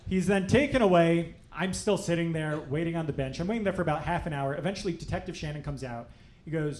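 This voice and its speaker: A young man doing stand-up, telling a story in a dry, wry, deadpan way to a live audience. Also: a little high, fast. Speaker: stand-up comedian. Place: comedy club stage before a laughing audience. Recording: roomy live club sound, faint crowd noise.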